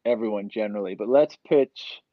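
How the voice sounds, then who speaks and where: A man's voice: a little fast, no echo. Earnest man on a dull, dry mic. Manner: earnest, impassioned when pitching. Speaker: guest. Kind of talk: panel discussion.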